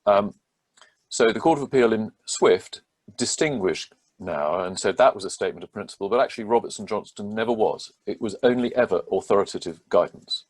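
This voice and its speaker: A man with a low, husky voice walks through a court ruling step by step. He speaks as a barrister would, measured and methodical, pausing often on ums and restarts. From England. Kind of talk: legal explainer talk.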